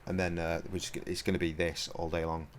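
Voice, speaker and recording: A man's voice: low voice, level tone, fast talker, a little hiss or hum. A young man streaming a video game, rambling and swearing in a self-mocking, casual way. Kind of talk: casual gameplay commentary.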